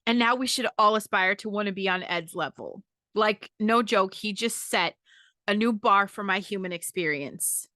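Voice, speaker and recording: A woman's voice: mid-range voice, normal speed, sharp tone, no echo, studio quality. A woman hosting a podcast, talking in a casual, emphatic monologue full of swearing and "okay?" checks. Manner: emphatic, profane, keeps asking "okay?". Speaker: podcast host.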